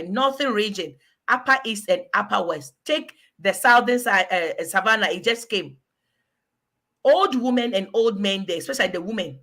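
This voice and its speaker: A Ghanaian woman in her forties chats as a guest on a live video call. She talks in an animated, easy way, laughs often and drops into pidgin phrases now and then. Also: lowish voice. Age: 40s. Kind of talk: casual live chat.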